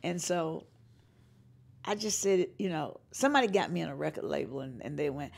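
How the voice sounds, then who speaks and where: An older singer-songwriter from North Carolina speaks at normal speed in a low voice with vocal fry. In a storytelling interview, she's animated, performs the voices of people in her stories, and laughs often.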